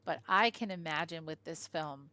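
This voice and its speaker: A woman's voice: sits low, normal speed, bright, forceful tone. A woman co-hosting a film review show in casual, enthusiastic chat.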